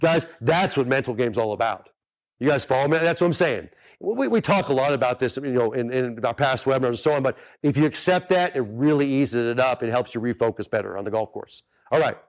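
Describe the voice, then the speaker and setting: A man's voice: mid-range voice, expressive, fairly quick. A man hosting a golf coaching webinar in a casual, earnest way, often turning straight to his listeners to check they follow him. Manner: earnest, repetitive, talks straight to the audience with many asides.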